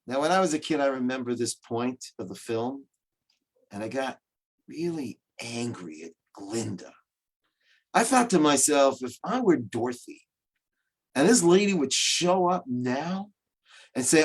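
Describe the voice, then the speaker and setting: A man's voice: medium pitch, a little slow. A man gives a humorous storytelling lecture over a video call. His voice sits in an ordinary middle range, and he keeps it light with jokes and playful asides. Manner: joking, animated storyteller.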